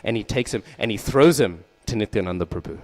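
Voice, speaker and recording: A fairly low, animated, slightly mellow male voice moves fast through a sermon, heard in poor audio. Leading a scripture class, he tells a devotional story, acts out its figures, and poses questions to the listeners, frequently adding "right?" and "hmm?"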